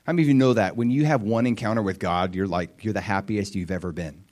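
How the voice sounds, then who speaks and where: Middle-aged male preacher, expressive sermon delivery, swings from loud to whispered asides. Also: lowish voice, fast talker. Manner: animated, acts out prayers and Jesus' replies, drops to whispers.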